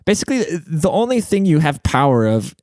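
A man's voice: on the high side, big pitch swings, fairly quick, a little mellow, no room sound, clean studio sound. Profane, rambling male podcast host. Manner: profane, rambling bro-talk with filler words. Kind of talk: casual chat, giving relationship advice.

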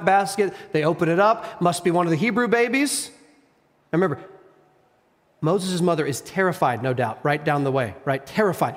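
A man preaching an expository sermon, reading scripture and retelling stories in an animated, emphatic, conversational way. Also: a little high. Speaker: pastor. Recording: reverberant church hall.

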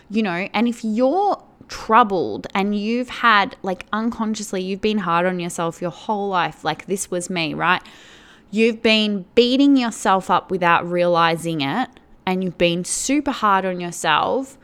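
A woman hosts a podcast in a loose, chatty monologue that wanders and restarts, padding her points with "like." Her voice is smooth and clean, sitting at an ordinary middle pitch. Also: unhurried, fairly bright tone. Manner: rambling, filler-heavy, with many "like"s and restarts. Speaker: podcast host.

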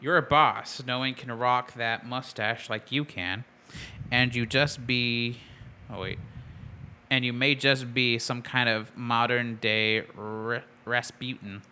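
A man's voice: medium pitch, fairly even intonation, slow pace, sharp tone, slight background noise. A man co-hosting a podcast in casual chat, playful and laughing often. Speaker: podcast co-host.

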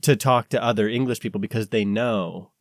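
Rambling low-voiced American man. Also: a little fast, dry recording, clean studio sound. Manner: rambling, searching for words with many fillers. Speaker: podcast co-host. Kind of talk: casual chat.

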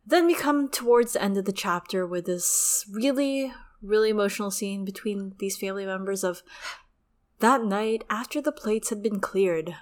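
A woman's voice: medium pitch, moderate pace. Young woman, book-podcast co-host, swears and laughs freely. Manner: laughs often, swears, emotional. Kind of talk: casual book-club chat and reading aloud.

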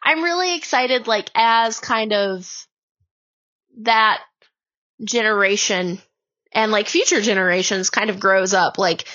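A young woman from the Appalachian South with a light Southern accent and a high, cute voice, talking casually as an interview guest in a rambling, self-mocking way full of "like". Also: a little slow, pauses often, bright, forceful tone, lo-fi sound. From Appalachian South, USA.

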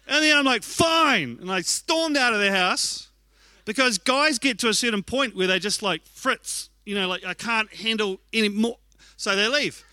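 Bright, animated New pastor. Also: male voice, high voice, moderate pace, clear, resonant tone, no echo. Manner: animated, self-mocking storytelling; candid and confessional. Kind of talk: sermon with personal storytelling.

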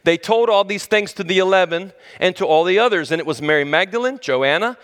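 A high-pitched male preacher delivers a sermon in a long-echoing hall. He speaks directly to the congregation, rising to loud, high bursts and then sinking to hushed, low phrases. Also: a little fast, clear, resonant tone. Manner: dramatic swings between loud high exclamations and low hushed lines; conversational, addresses the listeners directly. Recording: long reverb of a large hall.

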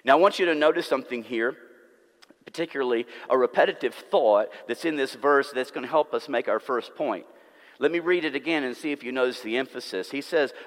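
Male preacher, mid-pitch voice, earnest and emphatic, long church-hall reverb. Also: brisk. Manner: earnest, emphatic, repeats words for stress. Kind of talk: sermon.

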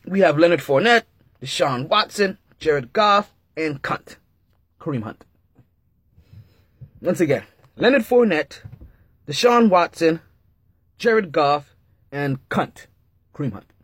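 A man hosting a casual sports podcast, talking in an animated way, repeating himself and making jokey asides. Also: a little high, takes it slowly, long pauses, breathy edge, dry recording. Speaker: podcast host.

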